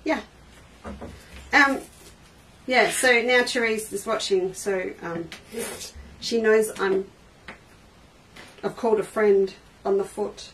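A woman's voice: mid-range voice, slow, pauses often, a bit bright. Chatty woman demonstrating crafts. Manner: chatty, reads viewer comments aloud while working. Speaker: quilting shop host. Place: craft studio indoors. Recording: distant mic with faint noise.

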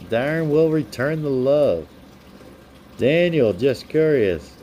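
A young man hosting a casual live stream, reading out viewers' comments and names and giving them shout-outs in a chatty, upbeat way. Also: medium pitch, animated, takes it slowly, highs cut off, slight background noise. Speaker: livestream host.

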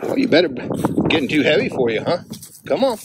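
A man vlogging outdoors on a hunting trip, chatting casually and coaxing his dog along in a fond, high, sing-song voice. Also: big pitch swings, fast talker, very noisy. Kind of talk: casual outdoor vlog narration. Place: outdoors by a river in the wind.

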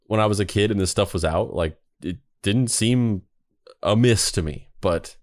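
A man's voice: lowish voice, moderate pace, a little mellow, dry recording, studio quality. A man co-hosting a podcast who talks in a loose, rambling way with many restarts. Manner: rambling, full of fillers and restarts. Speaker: podcast co-host. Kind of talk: casual chat.

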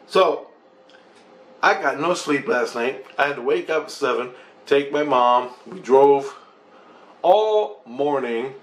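A man's voice: mid-range voice, animated, slow pace, pauses often. A man ranting in a rambling monologue, agitated and swearing constantly. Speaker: vlogger. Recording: roomy echoey recording.

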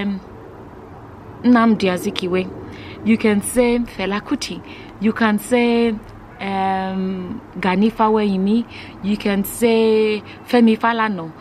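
A woman from Nigeria talking straight to camera in a casual vlog, emphatic and incredulous, often pausing with fillers. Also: mid-range voice, slight background noise, poor audio. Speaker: vlogger.

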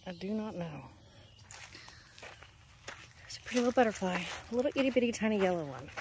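Walking outdoors on a neighborhood road, a slightly breathless woman chats casually to her handheld phone camera as a vlogger. Her medium-pitched voice is lively and a little fast, and the background is noisy.

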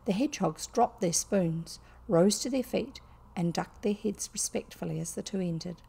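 A woman reading a classic children's story aloud in gentle, even narration. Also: medium pitch, normal speed, gravelly, breathy edge. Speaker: audiobook reader.

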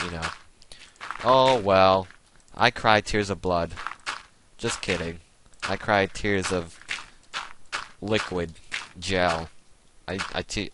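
A man's voice: sits low, noisy background. A young man rambling through jokey tangents while playing a video game. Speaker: gaming video host. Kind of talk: rambling let's play commentary.

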